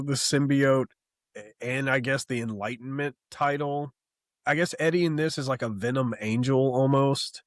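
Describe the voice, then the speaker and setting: A young man co-hosting a casual comic book podcast, talking in an animated, profane way and mocking the characters he retells. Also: mid-range voice, no room sound, studio quality. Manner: animated, profane, mocks characters in quoted asides. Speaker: podcast co-host.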